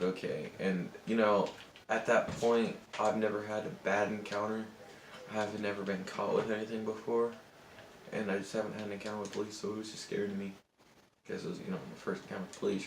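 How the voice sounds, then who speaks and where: A man's voice: fairly low pitch, level tone, fast talker, gravelly, echoey room, a little hiss or hum. A young man casually telling a rambling, profane story over gameplay, often cutting himself off. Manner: rambling, profane, self-interrupting. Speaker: gaming channel host. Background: other people in the house.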